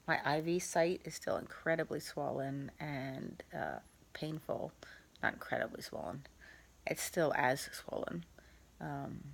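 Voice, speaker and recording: A woman speaks into her phone from bed at home, worn out and in pain after surgery. Her voice sits low with a gravelly fry, and she talks softly, halting over ums and small laughs. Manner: soft-spoken, halting with many ums, laughs at herself. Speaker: vlogger. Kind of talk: casual recovery vlog.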